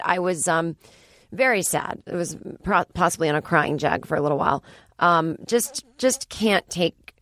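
A woman's voice: lowish voice, no echo, studio quality. A woman hosting a comedy podcast, rambling and self-deprecating in a casual solo monologue. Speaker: podcast host.

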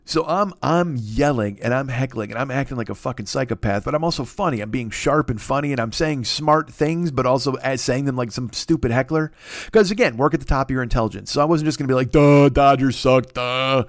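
A man rambles through a comedic anecdote on his podcast, swearing freely and doubling back on himself. His voice sits at an ordinary middle pitch. The sound is dry and close, with no room echo. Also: fast. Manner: profane, rambling, animated, with frequent restarts. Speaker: podcast host.

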